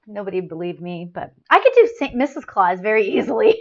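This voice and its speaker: A woman's voice: mid-range voice, lively intonation, fairly quick, hardly any pauses. A woman hosting a spiritual talk show, chatting casually and reading a story aloud with feeling, often laughing and restarting her sentences. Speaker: host of a spiritual call-in show. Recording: dull lo-fi sound.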